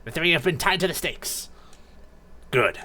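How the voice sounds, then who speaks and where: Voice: medium pitch, lively intonation, a little slow, sharp tone, voice pushed up. A streamer voicing a scratchy little goblin-like jailer creature, gleeful and cruel, reading game dialogue aloud.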